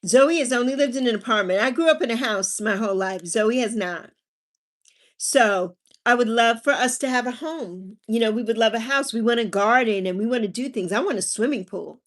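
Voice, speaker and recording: A woman in her forties from the Virgin Islands hosts a casual livestream, reading viewer comments, chatting warmly with her audience, and drifting into family stories. Her voice is on the high side at a moderate pace.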